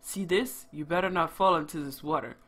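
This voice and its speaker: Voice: medium pitch, fairly quick, a bit bright, breathy edge. A streamer reading out the lines of a stern male group leader in a survival game, curt and giving orders.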